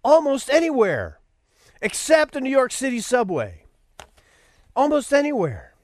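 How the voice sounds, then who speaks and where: Male podcast host, high animated voice, mocking rambling delivery. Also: unhurried, no room sound. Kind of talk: sarcastic political commentary.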